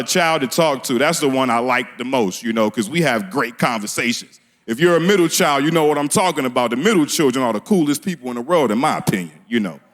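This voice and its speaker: A man's voice: mid-range voice, fairly bright tone. A man from doing a stand-up comedy set on a small theater stage, laughing at his own jokes and talking in loose street slang.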